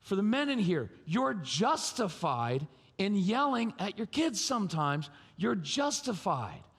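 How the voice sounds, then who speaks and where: A man giving a parenting talk at a live conference, animated and theatrical, acting out scenes and quizzing the audience. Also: sits high, measured pace, husky. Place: large church conference hall. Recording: long hall reverb from a live venue.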